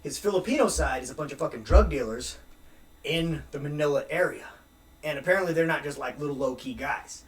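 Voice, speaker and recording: A man's voice: fairly high pitch, a little fast. Profane storytelling man, distant mic. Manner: profane, laughing as he tells stories. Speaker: podcast guest. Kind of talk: casual storytelling.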